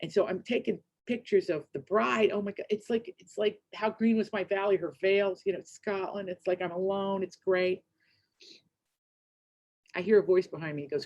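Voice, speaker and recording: A middle-aged woman giving a keynote speech, telling a story in a chatty, rambling, animated way with quick asides. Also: lowish voice, dull audio. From United States. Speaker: keynote speaker.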